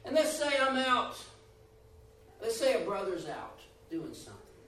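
Delivering a sermon in a high, sing-song voice, a man lets his emphasis rise and fall and acts out the voices he quotes, sounding bright and forceful at a measured pace. He's distant from the mic in a strongly echoing room, with faint noise in the background.

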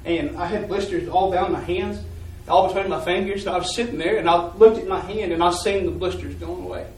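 A church member with a fairly high male voice gives a heartfelt personal faith testimony, his earnest story rambling with repeated words and restarts. He talks briskly with fairly even intonation, sitting a little back from the mic in an echoey, church-hall-like room with slight background noise.

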